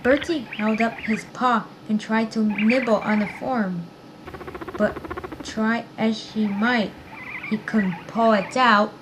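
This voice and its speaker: A woman reading a children's story aloud, slow and expressive. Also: fairly high pitch, noisy background. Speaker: narrator.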